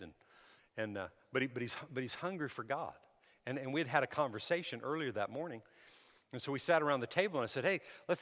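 A man preaching a sermon, shifting from relaxed storytelling to loud, emphatic exhortation. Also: mid-range voice. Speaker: pastor. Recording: hall reverb.

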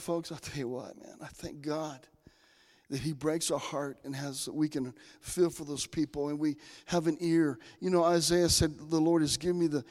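A man preaching a sermon, telling folksy personal stories and swinging between soft asides and loud bursts. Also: on the high side. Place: church sanctuary. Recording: long hall reverb.

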